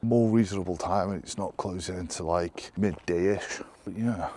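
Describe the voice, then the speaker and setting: Young male vlogger, deep, casual and chatty, loose delivery. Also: normal speed, dark tone, a little hiss or hum. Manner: chatty, rambling, swears casually. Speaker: fitness vlogger. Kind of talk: casual vlog monologue.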